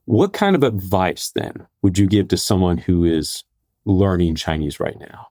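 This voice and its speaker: A man hosting an interview podcast, speaking in a halting, soft-spoken way with repeated words. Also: low voice, lively intonation, no room sound, clean studio sound. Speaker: podcast host. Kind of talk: casual interview.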